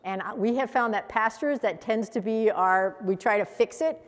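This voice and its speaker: A woman leading a coaching workshop for a live group, animated and acting out example voices as she teaches. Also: mid-range voice, normal speed. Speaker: coach trainer. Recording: echoey hall reverb.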